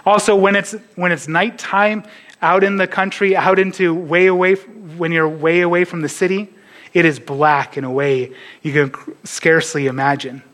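A pastor preaching a sermon to his church, earnest and sometimes dropping to a hush on key points. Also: a little high, fairly even intonation, normal speed.

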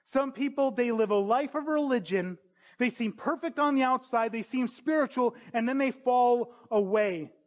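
Man, pastor, sermon, high voice, earnest, dull lo-fi recording. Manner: earnest, emphatic, slows down on key phrases. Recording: dull lo-fi sound.

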